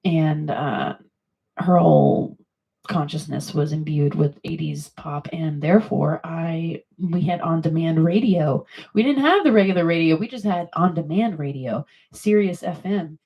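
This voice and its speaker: Her voice is deep, gravelly and breathy at the edges, paced in a measured way and captured on a muffled recording. This thirty-something livestream host rambles through a casual chat, swearing freely, her morning voice crackly and stuffed up from allergies.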